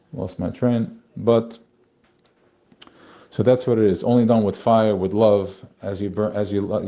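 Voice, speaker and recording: Guy teaching torah live, kinda low mellow voice, repeats himself a lot. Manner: spiritual, searching, repeats phrases.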